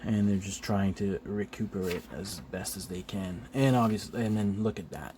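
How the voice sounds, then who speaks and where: On the low side and set against background noise, the host's voice drifts through a casual look at a comic book. He's loose and chuckly, uses many fillers, curses casually, and mimics the characters' lines in quick bursts.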